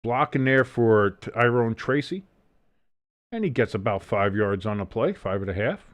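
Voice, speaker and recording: Animated man hosting a game watch-along. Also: medium pitch, normal speed, no room sound. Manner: casual and profane, reads the chat. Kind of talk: live game commentary and chat.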